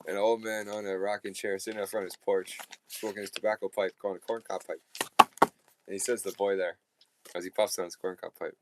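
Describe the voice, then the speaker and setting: A man's voice: lowish voice, flat delivery, fairly quick, noisy background. Rambling folksy radio host man. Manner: rambling, self-correcting, peppered with "uh" and "there". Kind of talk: folksy joke-telling on live radio.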